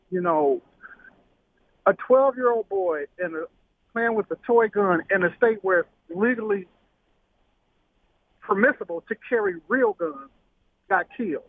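High-voiced male caller on a phone line. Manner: earnest, insistent. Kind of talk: call-in radio comment.

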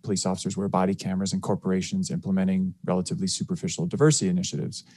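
Low-voiced man in a radio interview. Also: flat delivery, dark tone, no room sound, studio quality. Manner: measured, many fillers and restarts. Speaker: guest author, civil rights attorney.

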